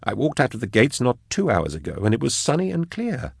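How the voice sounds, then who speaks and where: A man's voice: medium pitch, huge pitch swings, a little fast, creaky, breathy edge, no room sound, studio quality, voice pushed up, heavily acted. A man narrating an audiobook, voicing a nervous male scholar who keeps asking anxious questions in a lifted tone. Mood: uneasy.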